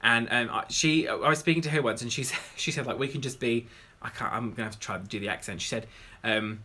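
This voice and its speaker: A man's voice: mid-range voice, quick pace, sharp tone. A man, a drag queen, hosting a casual livestream Q&A, rambling and greeting viewers by name.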